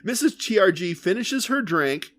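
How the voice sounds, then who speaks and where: A man hosting a podcast, telling a story in a casual, animated and emphatic way. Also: sits high, moderate pace. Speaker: podcast host.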